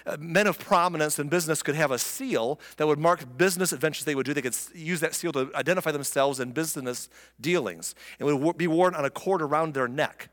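A man's voice: on the high side, fairly quick, hardly any pauses, fairly bright tone. A man preaching a sermon, retelling scripture in a conversational, wry way. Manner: conversational, wry, acts out the characters. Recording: long reverb of a large room.

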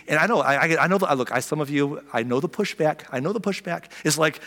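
A middle-aged man preaching a sermon as a pastor, animated, acting out voices and dropping to soft near-whispers for emphasis. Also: fairly high pitch, fast talker, hardly any pauses, big-room sound.

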